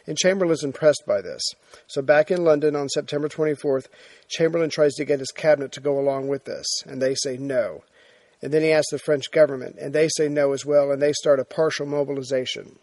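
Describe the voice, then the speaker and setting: A man narrates history like a casual storyteller, pausing on fillers and correcting himself mid-sentence. His voice sits a bit on the high side. The sound is dry and close, with no room echo. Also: steady tone, a little mellow. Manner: conversational retelling with fillers and restarts. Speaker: history lecturer. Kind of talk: informal history lecture.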